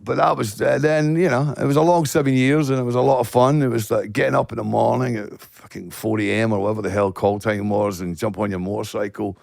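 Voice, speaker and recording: A man's voice: fairly low pitch, fairly even intonation, fast talker, vocal fry, few pauses, a little mellow, dry recording, studio quality. A man with a Glaswegian Scottish accent, a guest telling stories in casual podcast chat, swearing freely and laughing. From Scotland. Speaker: actor guest.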